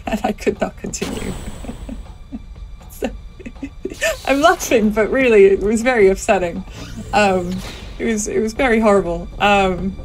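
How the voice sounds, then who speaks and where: Sick woman, relaxed live speedrun chat, steady middle pitch, music bed. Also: poor audio. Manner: chatty, laughs often, thinks aloud with many ums. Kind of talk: live commentary on her own speedrun. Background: game music.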